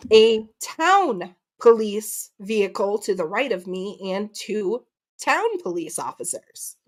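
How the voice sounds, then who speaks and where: A woman, likely in her thirties, telling a story in casual chat, acting out quotes and swearing freely. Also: fairly high pitch. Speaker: guest.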